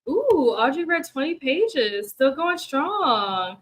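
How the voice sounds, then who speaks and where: A woman's voice: sits high, sing-song, takes it slowly, rough recording. A tired young woman, hosting a reading livestream, who chats in a rambling way and laughs often. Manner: rambling and chatty, laughs often, many fillers. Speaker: booktube host of reading sprints. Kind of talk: casual livestream chat to viewers.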